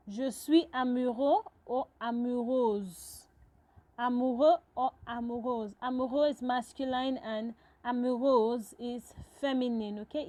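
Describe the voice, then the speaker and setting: A woman's voice: a little high, a little mellow, rough recording. A woman teaching a French lesson to absent students, talking patiently, repeating each phrase and checking in with "okay?".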